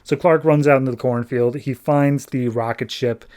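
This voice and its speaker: A man's voice: medium pitch, fairly even intonation, moderate pace, darkish tone, clean tone. A man hosting a podcast, chatting casually as he recaps a comic book. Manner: chatty, conversational. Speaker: podcast host.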